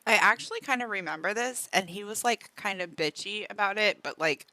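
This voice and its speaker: Chatty woman streamer with a bright, dry-sounding voice who laughs often and talks while eating. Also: medium pitch, a little fast, no echo. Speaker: streamer reacting to a video. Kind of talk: casual reaction-stream chat.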